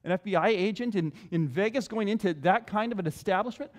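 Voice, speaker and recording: Speaking fast and in a high voice, a male pastor gives a conversational sermon and keeps repeating key phrases. The sound rings with long hall reverb.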